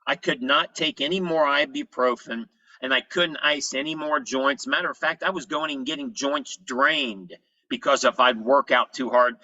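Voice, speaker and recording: A man giving an energetic health presentation, telling his story in short punchy phrases. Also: medium pitch, moderate pace, lo-fi sound.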